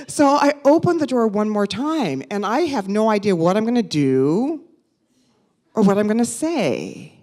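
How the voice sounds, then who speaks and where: Animated woman in her fifties telling a story. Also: medium pitch, measured pace. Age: 50s. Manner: animated, self-mocking, conversational. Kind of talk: live personal storytelling.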